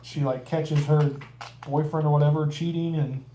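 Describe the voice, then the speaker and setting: A man co-hosts a casual livestream chat in a wry, joking way. His voice sits a little high but sounds mellow and warm. The recording has a roomy echo. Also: fairly even intonation, moderate pace, slight background noise. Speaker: co-host.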